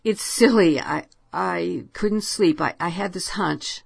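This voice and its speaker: A woman's voice: lowish voice, takes it slowly, vocal fry, slightly rough, dry recording, heavily acted. A woman voicing an anxious woman friend who calls late at night, stammering and apologetic. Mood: fretful.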